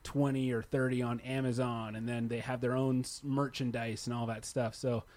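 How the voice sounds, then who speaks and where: A man's voice: mid-range voice, flat delivery, normal speed, a little mellow. Guy chatting on a podcast, explains stuff with lots of uh's, ordinary mid voice. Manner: explanatory, hedging with fillers. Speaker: YouTube tech channel creator. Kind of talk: casual podcast chat.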